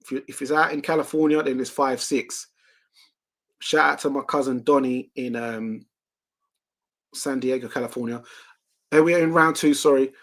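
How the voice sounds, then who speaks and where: A young man hosting a live watch-along, giving excitable play-by-play of a boxing match and reading out viewer comments. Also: medium pitch, moderate pace, pauses often. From United Kingdom.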